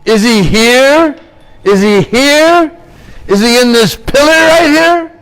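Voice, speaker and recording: A man voicing a furious demon king who shouts rising, mocking questions. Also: very high-pitched, slow, voice pushed up, exaggerated voice, rough recording.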